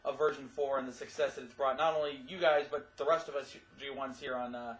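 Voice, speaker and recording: A man's voice: mid-range voice, fairly even intonation, fairly quick, roomy sound. A man acting as interviewer, asking casual questions in an eager, upbeat way.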